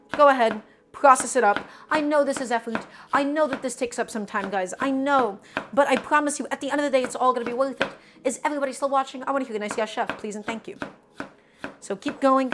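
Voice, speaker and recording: A woman hosting a live cooking stream from a home kitchen, chatting with viewers and coaching them through prep in an easy, talkative way. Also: fairly high pitch. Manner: chatty and coaching, addresses the audience as "guys" and repeats "go ahead".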